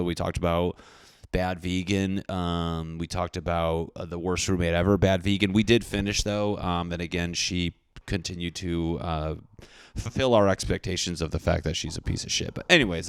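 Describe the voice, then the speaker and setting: A man's voice: deep voice, brisk, smooth, dry recording, clean studio sound. A young man hosting a casual podcast, rambling through jokes and rants in a self-deprecating way. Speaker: podcast host. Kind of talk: casual comedic podcast rant.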